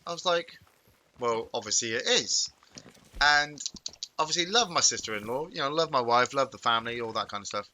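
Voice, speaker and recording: Man, very bright voice, casual game-stream chat, rambling anecdotes. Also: mid-range voice, fast talker, rough recording. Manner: rambling, animated storytelling with chuckles. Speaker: streamer chatting with viewers while gaming.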